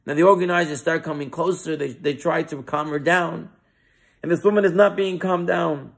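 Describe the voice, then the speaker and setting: A man's voice: fairly high pitch, fairly even intonation, normal speed, creaky. A man, a rabbi, telling a moral story in a sermon, earnest and sprinkled with Hebrew terms.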